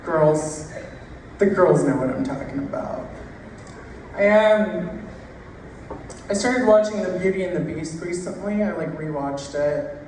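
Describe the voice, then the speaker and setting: A woman stand-up comedian telling jokes in an unhurried, deadpan way, stretching out her punchlines. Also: lowish voice, a little hiss or hum. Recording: echoey room heard from a distance.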